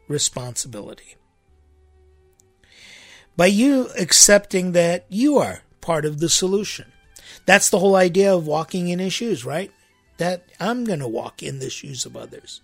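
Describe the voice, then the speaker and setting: Gravelly, husky-voiced priest preaching casually. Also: male voice, fairly high pitch, animated, normal speed, soft background music. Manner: rambling, repeats himself, rhetorical "right?" asides. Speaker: Armenian church priest. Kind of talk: conversational sermon to a congregation.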